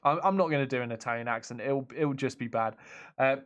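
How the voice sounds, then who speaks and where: Man streaming a game, casual chatty commentary, laughs often, mid-pitched voice, reads chat messages aloud. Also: fast, a bit bright. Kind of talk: casual let's-play commentary.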